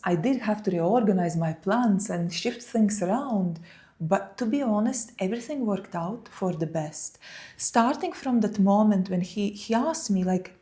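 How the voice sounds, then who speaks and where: Calm, mellow-voiced woman telling a story. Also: medium pitch. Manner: calm, unhurried, speaks with many "like" fillers. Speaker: yoga and meditation teacher. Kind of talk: reflective personal storytelling.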